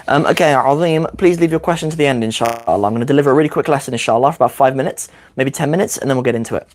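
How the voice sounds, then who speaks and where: Croaky-voiced man teaching a live lesson. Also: medium pitch, a little mellow, a little hiss or hum. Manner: chatty, upbeat, quick asides. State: croaky voice from a cold. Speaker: Arabic teacher. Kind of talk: live-streamed language lesson. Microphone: desk microphone.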